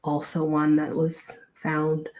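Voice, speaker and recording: A flustered woman camp director in a tabletop game, fretful and apologetic, her rambling sentences trailing off as a woman game master puts her on. Her voice sits low and dark, and she talks slowly. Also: completely flat delivery.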